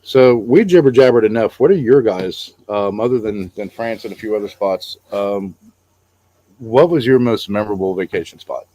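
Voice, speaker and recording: A man's voice: lowish voice, normal speed, mellow, no room sound, highs cut off. A middle-aged man co-hosting a casual chat, rambling about travel with many fillers. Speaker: co-host.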